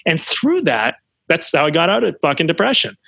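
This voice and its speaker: A man talking in a relaxed podcast conversation, animated and full of fillers, acting out the voices of the people he quotes. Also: on the high side, a little fast, creaky, dry recording. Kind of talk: casual conversation.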